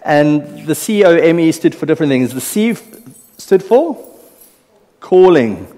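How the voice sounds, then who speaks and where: A man's voice: on the high side, big pitch swings, a little slow, warm tone. A South African-born man preaching a sermon from a church stage into a microphone, chatty and teasing, checking in with the congregation. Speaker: pastor. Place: church stage with long reverb. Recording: live church hall reverb.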